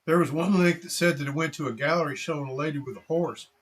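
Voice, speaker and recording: A man voicing an easygoing, polite shopkeeper with a relaxed folksy drawl, in an audiobook reading. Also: a little high, fast, husky, voice pushed up. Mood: friendly.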